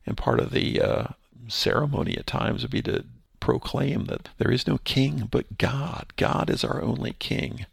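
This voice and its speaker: A man's voice: medium pitch, a little slow, dry recording, studio quality. A man teaching through a Bible passage verse by verse, explaining in a conversational way with restarts. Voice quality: gravelly, husky voice.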